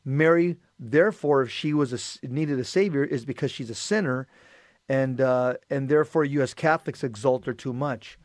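A man's voice: mid-range voice, moderate pace, no echo, studio quality. A man hosting a show, earnestly reading and explaining scripture in a teaching manner. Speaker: host.

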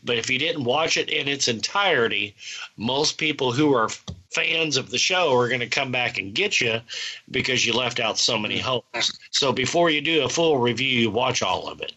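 A talkative man with a bright, forward voice, explaining at length in casual chat. The sound is a bit dull and lo-fi. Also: mid-range voice, lively intonation, normal speed. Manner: talkative, long explanatory answers. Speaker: podcast host reviewing TV shows.

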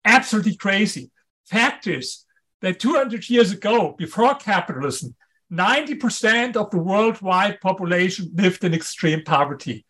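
Emphatic German-accented man, high voice. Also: lively intonation, moderate pace, pushed and bright, slightly rough. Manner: emphatic, repeats key points. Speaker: guest author. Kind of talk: interview.

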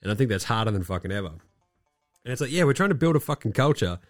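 A man's voice: medium pitch, big pitch swings, quick pace, no echo. Aussie guy ranting on a sports pod, sick and coughy, swears constantly, dry close sound, faint music. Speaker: podcast host. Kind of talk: casual sports chat.

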